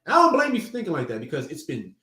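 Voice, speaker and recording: Male preacher, conversational slangy delivery, animated, echoey room. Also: on the high side, racing. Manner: casual street slang, conversational. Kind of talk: sermon teaching.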